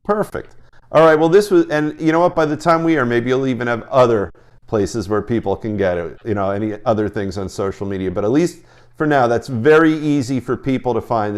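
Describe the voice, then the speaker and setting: Um homem que apresenta uma entrevista casual por chamada de vídeo e fala com entusiasmo, recomeçando as frases. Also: male voice, medium pitch, a little mellow, smooth. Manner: enthusiastic, talks in quick restarts. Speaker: interview host. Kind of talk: casual video-call interview. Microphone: video call.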